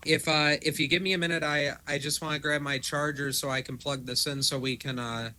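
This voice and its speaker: A man's voice: a little high, little pitch movement, a little fast, bright, forceful tone. A man hosting a podcast, laid-back and chatty with many fillers in casual talk. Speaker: podcast host. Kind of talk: casual chat.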